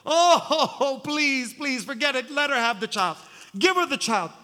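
A man doing a frantic mother, high wailing pleas, long hall echo. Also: expressive, measured pace, pushed and bright, exaggerated voice. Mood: desperate. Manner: sobbing, frantic pleading. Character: desperate mother begging for her child's life.

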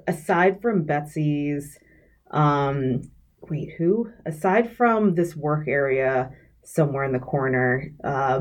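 A woman's voice: sits low, a little mellow. A woman narrating a tabletop role-playing game as game master.

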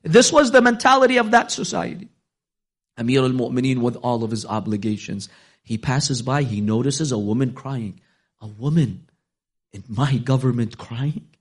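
A man preaching a sermon, telling a story with dramatic swings of pitch and loudness, sometimes slowing into a chanted, half-sung delivery. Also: breathy edge. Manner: storytelling, voicing quoted figures, dramatic rises in pitch.

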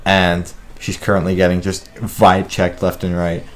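A young man with a fairly low voice chats loosely on a podcast. He rambles, cracks jokes and swears freely, with a casual, offhand delivery. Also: completely flat delivery, unhurried. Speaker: podcast co-host.

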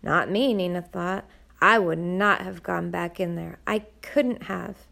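Anxious young girl, determined, urgent, earnest, gravelly, woman reading, audiobook. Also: on the low side, a little slow, bright, forceful tone, heavily acted. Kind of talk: audiobook narration.

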